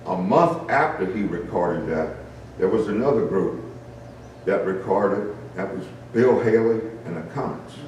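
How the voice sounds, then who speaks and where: A man telling a story to a live audience in a folksy, unhurried way, with fillers and asides and a dry mouth. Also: fairly low pitch, darkish tone, slight background noise. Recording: roomy, distant room recording with guitar behind.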